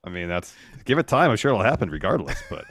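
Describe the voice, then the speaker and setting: A man's voice: fairly low pitch, very animated, fast, creaky, fairly bright tone. A man co-hosting a live podcast, laid-back and dry, reading viewer questions and making earnest appeals. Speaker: podcast co-host. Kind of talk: casual live-stream banter.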